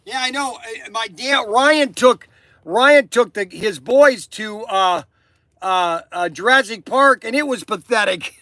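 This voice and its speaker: An older man with a high, bright and forceful voice rambles on in a casual monologue. He is chatty and opinionated, breaks into laughter and keeps restarting his sentences. The sound is close and dry, with no room echo. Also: measured pace. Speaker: toy shop owner and channel host. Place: inside his store.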